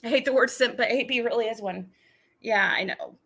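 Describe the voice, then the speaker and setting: A woman streamer's livestream commentary, delivered as an exasperated, indignant rant. Her voice sits a little high and sounds bright and forceful. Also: a little fast, breathy edge.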